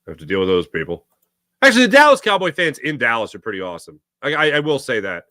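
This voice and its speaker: A young man hosting a live sports talk show, his voice swinging up and down with lots of energy. His tone is bright and forceful as he rambles and reads out viewers' comments. The sound is close and dry, with no room echo. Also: medium pitch, wildly swooping pitch, fast. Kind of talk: casual live-stream chat.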